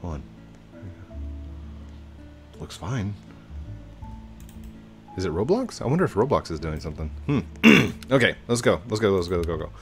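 A man's voice: deep voice, sing-song, moderate pace, long pauses, a bit bright, faint music behind. A man giving casual let's-play commentary, chatting playfully to himself and his viewers as he plays. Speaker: YouTube gamer.

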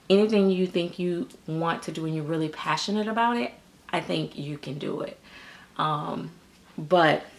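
A woman's voice: fairly low pitch, creaky. A middle-aged woman, a doll artist chatting casually to her viewers, rambling and restarting often. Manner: rambling, many fillers and restarts. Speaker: reborn doll artist and vlogger.

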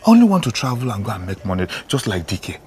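A man's voice: on the low side, wildly swooping pitch, racing, darkish tone. An actor playing a young Nigerian man who coaxes and pleads with his fiancée as he plans to leave for the city. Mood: pleading. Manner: coaxing, pleading. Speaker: shop owner. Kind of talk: Nollywood film acting.

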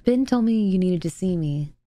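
A woman voicing a weary but obliging young cinema worker in a game, speaking in a flat, low-key way. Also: normal speed, natural voice. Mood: plain.

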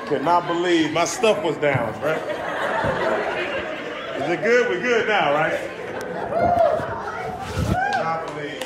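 Man, stand-up comedian, playful teasing crowd work, slightly high voice, echoey theater, loud crowd behind. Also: huge pitch swings, measured pace, long pauses, distant mic, heavy background noise. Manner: playful, teasing banter with the audience. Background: audience cheering and laughing.

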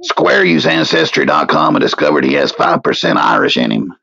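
Gravelly, husky man telling deadpan jokes. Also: fairly high pitch, fairly quick, no echo, highs cut off. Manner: deadpan joke delivery, profane. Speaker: co-host. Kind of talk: casual comedic chat.

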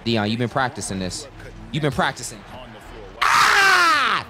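A young man giving live commentary on his own basketball video game, talking to his teammates and shouting at big plays. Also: medium pitch, a little fast. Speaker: gaming YouTuber.

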